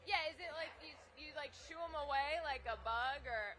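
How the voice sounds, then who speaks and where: A woman co-hosting a casual chat in a bar, upbeat and teasing, quick to laugh. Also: high voice, pushed and bright. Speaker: co-host. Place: crowded bar.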